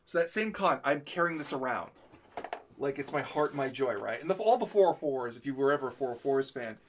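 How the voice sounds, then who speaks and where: A man co-hosting a stream, telling stories in a casual chat, animated, often laughing and acting out what people said. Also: medium pitch, fairly quick, a little hiss or hum. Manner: animated storyteller, laughs often, acts out quotes. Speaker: stream co-host.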